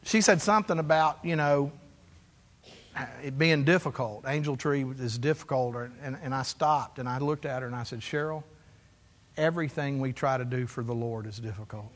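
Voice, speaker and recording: Speaking at a moderate pace with a medium-pitched voice, a male pastor tells animated stories in his sermon and acts out their dialogue. The recording, made in a church sanctuary, carries long hall reverb.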